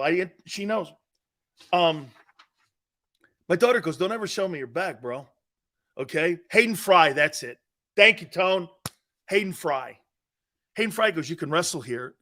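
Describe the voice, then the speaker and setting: A middle-aged man tells a family story on his sports talk show. His voice sits a little high and swings widely in pitch. He gets excitable, acting out the quotes and breaking into loud laughs.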